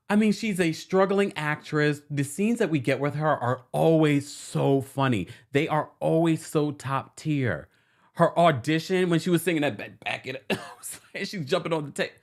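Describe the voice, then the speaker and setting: A man's voice: on the high side, measured pace. A man hosting a casual pop culture recap show, chatty and opinionated and laughing often. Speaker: host.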